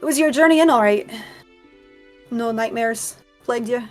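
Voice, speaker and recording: A woman's voice: on the high side, normal speed, darkish tone, faint music behind, close to an everyday voice. A woman voicing an easygoing, weathered ranger with a Scottish accent, blunt and good-natured. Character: easygoing, weathered ranger who loves the outdoors.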